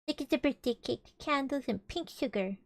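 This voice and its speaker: A woman's voice: high-pitched, normal speed, vocal fry, no room sound. A woman voicing a gloomy, self-pitying old male donkey in a storybook reading, mournful and sarcastic.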